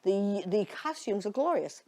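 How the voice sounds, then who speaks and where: This older woman has a mellow, medium-pitched voice with lively intonation and a slightly slow pace. Giving a reflection over a memorial slideshow, she tells a church audience casual, playful stories and slips into mocking voices.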